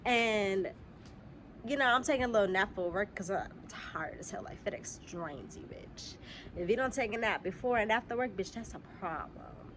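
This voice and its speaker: A woman's voice: mid-range voice, moderate pace, a little hiss or hum. Young woman telling a profane storytime. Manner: animated, profane, talks straight to viewers. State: slightly sick, clears throat. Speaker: vlogger. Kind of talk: casual storytime vlog. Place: outdoors.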